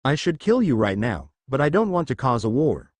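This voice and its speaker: A man voicing a cold, uncaring teenage boy ninja in a fan story reading, flat and menacing. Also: mid-range voice, normal speed, no room sound.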